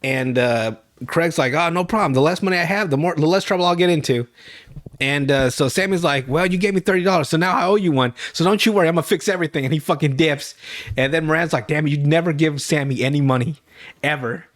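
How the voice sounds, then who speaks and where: Fast and fairly high-pitched, a young man recaps a TV episode on his podcast in a rambling, profane way. Loud laughs at his own story fill the recap.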